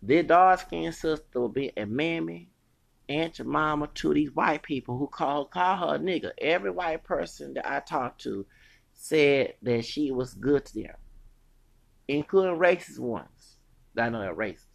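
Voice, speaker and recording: Gravelly man ranting angrily. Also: fairly high pitch, lively intonation, normal speed. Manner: angry, profane, rambling with many restarts. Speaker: podcaster. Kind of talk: heated solo rant.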